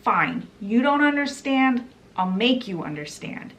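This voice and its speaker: A woman voicing a grieving young man who shouts and pleads with a crowd in a casually told story. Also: fairly high pitch, big pitch swings, measured pace, pitched above the performer's own voice. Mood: raised, pleading.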